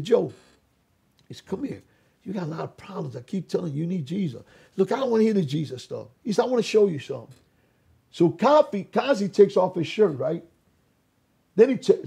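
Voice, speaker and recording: Older man, high raspy voice, dark tone, animated testimony, acts out dialogue. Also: brisk. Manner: re-enacts dialogue, repeats words and restarts often. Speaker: interview guest, former gang leader.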